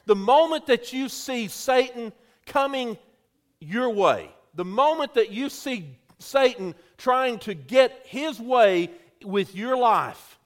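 High-voiced preacher swinging loud and soft. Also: male voice. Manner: preaching with sharp swings between loud calls and quiet asides. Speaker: pastor. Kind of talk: sermon. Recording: audio recording of a church sermon.

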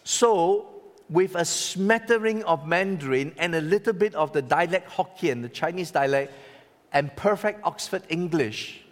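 A male preacher with a somewhat raised voice tells a personal story from the pulpit. He swings between loud, emphatic lines and quiet, hushed ones. The sound carries a long reverb, as in a large church hall. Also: fairly high pitch, lively intonation, a little slow. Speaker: pastor. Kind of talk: sermon.

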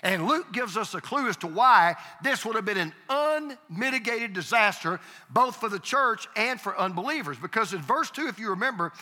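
Male pastor, bright, sharp-edged voice, emphatic sermon delivery, long hall reverb. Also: sits high, animated, normal speed, hardly any pauses. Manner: emphatic, repeats phrases, calls for congregation response. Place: church sanctuary.

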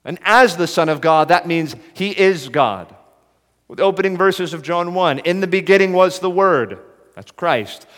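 A man's voice: high voice, expressive, a bit bright. Preaching man in a reverberant hall. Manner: earnest, measured expository preaching. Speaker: pastor. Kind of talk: sermon.

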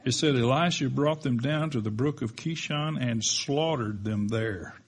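A pastor delivers a sermon in an unhurried, medium-pitched voice. He tells the story with animated delivery, acting out the quoted lines.

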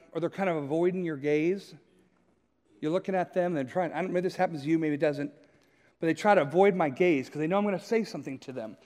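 A man's voice: high-pitched, in a large hall. A man preaching a conversational sermon, telling stories and often checking in with the congregation by asking "right?". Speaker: pastor.

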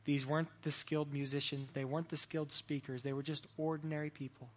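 A man's voice: on the high side, level tone, fast. A man preaching a sermon as pastor, earnest and repeating words as he builds his points.

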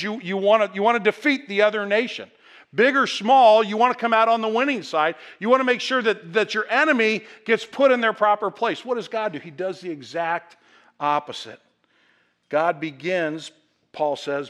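A pastor in middle age preaches to his church in a relaxed, conversational sermon. His voice sits high for a man, and he often doubles back and repeats words while he talks. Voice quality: frequent stammered repeats, conversational asides. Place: church sanctuary with congregation.

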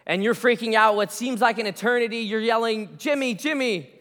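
Male pastor, bright high voice, chatty sermon delivery, long hall reverb. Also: steady tone, a little fast. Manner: conversational, restarts phrases, storytelling asides.

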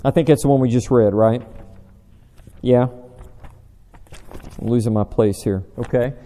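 An unhurried man with a mid-range, dark-toned voice preaches a conversational sermon at a Bible study, the long reverb of a large hall around him. He chats, quizzes listeners, and makes dry jokes about himself.

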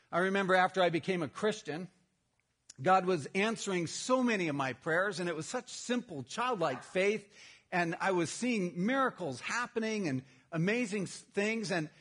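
High-voiced man preaching a story sermon. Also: a bit bright. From Texas. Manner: storytelling, self-deprecating humor. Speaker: pastor.

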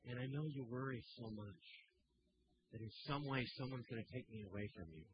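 A man preaching a sermon, voicing the risen Jesus as a soft, tender figure comforting a woman. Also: deep voice, a little slow, slight background noise. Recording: dull lo-fi sermon recording.

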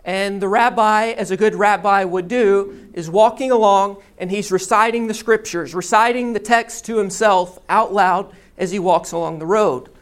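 A pastor preaching a sermon, telling a story and teaching in a deliberate storytelling manner. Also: medium pitch.

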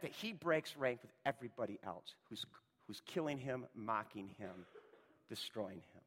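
A pastor preaching a sermon, rising to loud emphatic lines and dropping to a hushed near-whisper. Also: male voice, medium pitch, expressive, moderate pace, breathy edge, long reverb tail.

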